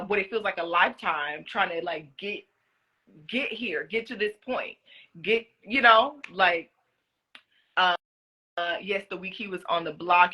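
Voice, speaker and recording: A young woman in casual live-stream chat, answering fan questions about being a reality show contestant, talking in an animated way with many fillers. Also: lowish voice. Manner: chatty, animated, lots of "like" fillers. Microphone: phone.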